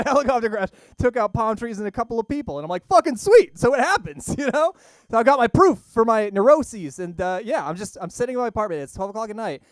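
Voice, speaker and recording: A man's voice: high voice, dry recording, studio quality. A young man doing an open-mic stand-up set in a small comedy club, rambling and self-deprecating, often laughing at his own jokes.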